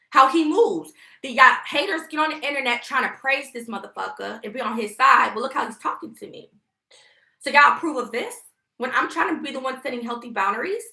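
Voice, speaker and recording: A woman tells a personal story straight to her viewers, emphatic and profane. Her voice sits a little high and has a gravelly fry. The sound bounces around a reverberant room. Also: pushed and bright. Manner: emphatic, heated, profane, addresses viewers directly. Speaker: vlogger. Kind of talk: casual venting storytime to viewers. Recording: echoey room.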